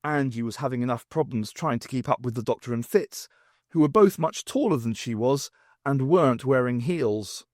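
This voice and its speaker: A man reading a novel aloud, unabridged, with a wry, expressive delivery. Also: medium pitch, dry recording, studio quality. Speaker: audiobook reader.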